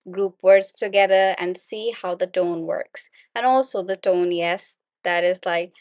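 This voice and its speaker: Slow, patient woman teaching speaking. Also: mid-range voice, no room sound. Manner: steady, continuous explaining, polite and patient. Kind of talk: unscripted spoken lesson.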